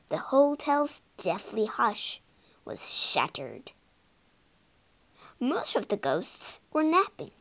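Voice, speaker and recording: Expressive woman reading a storybook. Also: on the high side. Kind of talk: storybook narration for learners.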